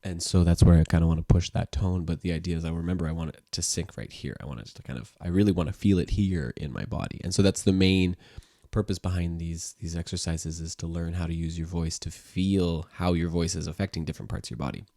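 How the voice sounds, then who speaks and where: A man's voice: low-pitched, quick pace, vocal fry, dark tone, no room sound, studio quality. A man working as a music teacher and sound therapist, guiding listeners through voice exercises in an easygoing, rambling way full of fillers.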